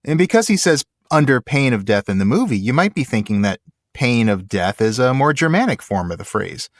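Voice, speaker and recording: A man co-hosting a casual podcast, explaining word origins in measured detail. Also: mid-range voice, sing-song, no room sound, clean studio sound. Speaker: co-host.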